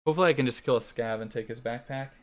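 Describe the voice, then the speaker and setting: A man's voice: mid-range voice, racing, slight background noise. Canadian man, casual profane streamer. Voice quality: casual, profane, laughs often. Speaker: game streamer. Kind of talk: casual gaming stream chat.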